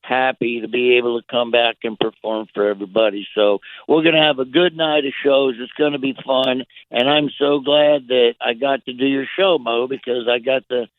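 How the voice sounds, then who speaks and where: A man's voice: medium pitch, fairly even intonation, normal speed, few pauses, no room sound, narrow, tinny audio. A middle-aged man, a comedian guest, telling a rambling story in a casual interview, laughing and acting out the people he quotes.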